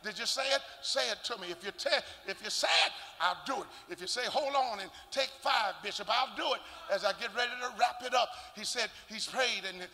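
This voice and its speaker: An older man, a bishop, preaching a sermon with shouting, rhythmic sing-song delivery and call-and-response. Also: high-pitched, fairly quick, hardly any pauses. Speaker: bishop and pastor. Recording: long church reverb.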